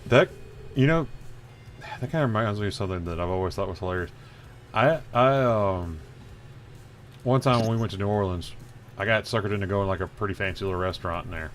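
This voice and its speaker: A man's voice: fairly low pitch, brisk, pauses often, slight background noise. A man hosting a casual livestream while he draws, telling long rambling stories and swearing freely. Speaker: livestream host drawing. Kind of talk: casual chat while drawing.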